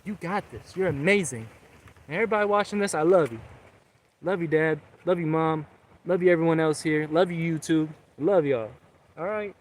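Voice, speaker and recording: A man's voice: a little high, normal speed, slight background noise. A young man vlogging outdoors, talking about his recovery and encouraging viewers in an earnest, rambling way. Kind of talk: casual motivational talk. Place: outdoors, public area.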